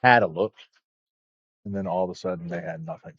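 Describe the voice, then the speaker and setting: A man's voice: low voice, fairly quick, vocal fry, fairly bright tone, husky, muffled recording. A man co-commentating a bowling livestream, chiming in with loose, chatty remarks about the bowlers. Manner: chatty, interjecting, loose phrasing. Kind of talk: casual sports commentary chat.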